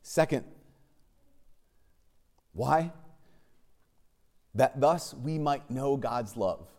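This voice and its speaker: A man, a Catholic priest, preaching a sermon with wry asides, swinging from urgent questioning to hushed emphasis. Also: mid-range voice, lively intonation, very slow.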